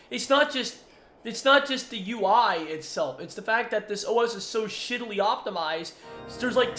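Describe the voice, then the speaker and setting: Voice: medium pitch, echoey room. A friend on voice chat, chatting casually and cursing freely during a gaming session. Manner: profane, excitable, laughs often.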